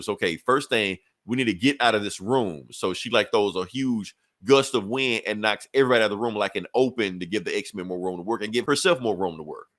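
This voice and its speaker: A man co-hosting a podcast who casually recaps a comic story, swearing often and slipping into quick voices for the characters. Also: fairly low pitch, fairly bright tone. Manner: profane, laughing retelling with quick character asides. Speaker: podcast co-host.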